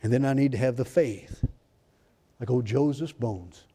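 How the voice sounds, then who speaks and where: A male pastor preaching a fervent sermon, swinging between loud exclamations and hushed, intimate lines. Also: medium pitch, a little slow. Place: church sanctuary. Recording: long hall reverb in a church.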